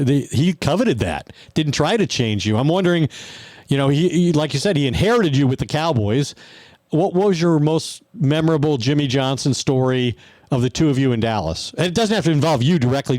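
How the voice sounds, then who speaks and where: A male podcast host with a medium-pitched voice asks questions in a relaxed, chatty way. The sound is close and dry, with no room echo. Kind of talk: casual interview questions.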